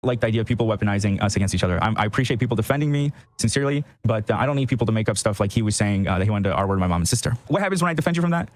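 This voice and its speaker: A man who talks fast and dry, close on the mic. He defends himself with sarcastic asides. His voice sits in a middle pitch. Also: dry recording.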